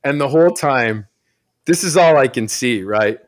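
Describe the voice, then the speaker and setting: A man's voice: mid-range voice, animated, moderate pace. A man on a podcast panel chatting casually, mocking and swearing, often laughing.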